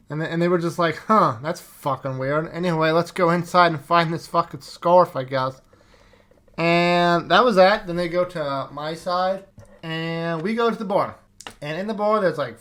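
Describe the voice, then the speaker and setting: A player retelling a tabletop game session as a tavern owner, in a profane comedic recap full of swearing and quick quoted bits of the other players. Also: medium pitch, a bit bright.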